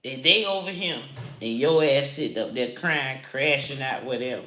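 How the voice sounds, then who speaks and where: A woman comedian ranting to camera, loud and profane, swearing freely and laughing at her own jokes. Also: a bass voice, normal speed, roomy sound. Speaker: comedian and online creator. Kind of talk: unscripted profane rant to camera.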